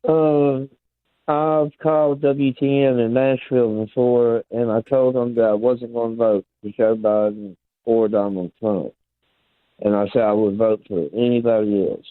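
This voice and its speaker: A man's voice: medium pitch, fairly even intonation, a little slow, dry recording. A male caller from Tennessee comes through a tinny phone line, dry and thin. He talks in a hesitant way, stopping on fillers as he makes his point. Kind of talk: call-in conversation.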